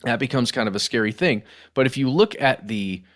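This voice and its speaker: A man's voice: medium pitch, animated, brisk, a bit bright. A middle-aged man co-hosting a podcast, talking through news stories in a loose conversational way and calling listeners "guys" and "y'all.". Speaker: podcast co-host. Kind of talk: casual news discussion.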